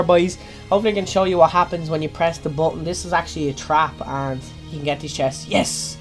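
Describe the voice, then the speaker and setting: A young woman giving jokey, excitable let's play commentary, breaking into sudden loud yelps. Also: low-pitched, fairly quick, soft background music. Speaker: gaming channel host.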